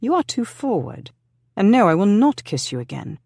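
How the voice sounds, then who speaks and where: A man's voice: high voice, big pitch swings, normal speed, vocal fry, darkish tone, no echo, clean studio sound, voice pushed up, full character voice. A reader voicing a stern, scolding nobleman. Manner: tight, scolding. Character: stern sensible nobleman posing as peasant.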